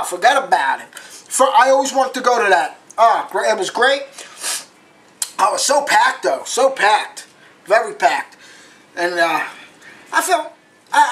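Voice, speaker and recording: A man's voice: very high-pitched, fairly bright tone. Chatty man cooking on camera. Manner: chatty, repeats phrases, street slang. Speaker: home cooking show host. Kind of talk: casual cooking demonstration.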